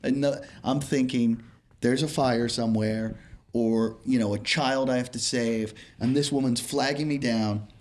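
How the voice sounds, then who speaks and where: A man's voice: medium pitch, fairly even intonation, a little slow, darkish tone. A man from Pittsburgh, a comedian and podcast host, telling a rambling story in casual chat and laughing along with it. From Pittsburgh, USA.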